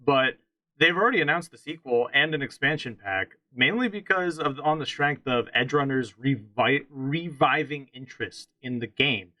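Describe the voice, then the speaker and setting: A podcast co-host from central Pennsylvania chats casually about games, voicing strong opinions and often restarting his sentences. His medium-pitched voice is pushed and bright, with lively intonation at a normal speed, captured in a low-quality recording with no room sound.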